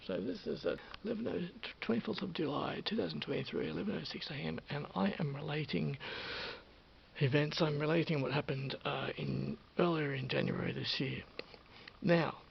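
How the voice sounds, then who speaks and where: A man with an Australian accent telling a story to camera in a casual vlog, animated, swearing freely and dropping into whispers. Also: fairly high pitch, moderate pace. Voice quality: gravelly. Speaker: vlogger. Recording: dull lo-fi with faint hiss.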